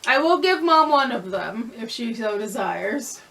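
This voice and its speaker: A woman's voice: on the high side, very animated, a little slow, creaky, fairly bright tone. Laughing woman with a distant mic. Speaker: vlog co-host. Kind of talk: casual food tasting chat. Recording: distant mic with faint room noise.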